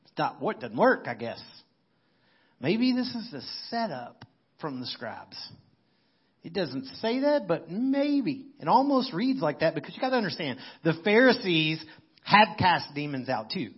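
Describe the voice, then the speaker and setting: Man, pastor, conversational sermon, husky voice, dull lo-fi sound. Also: on the high side, sing-song, a little slow. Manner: conversational, thinking aloud.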